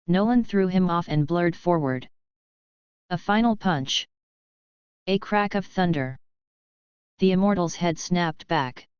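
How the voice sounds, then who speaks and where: Woman reading a fanfic audiobook, slow and steady, super clear voice, kinda dull dry recording. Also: on the low side, dry recording. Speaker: audiobook narrator. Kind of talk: first-person fanfiction audiobook narration.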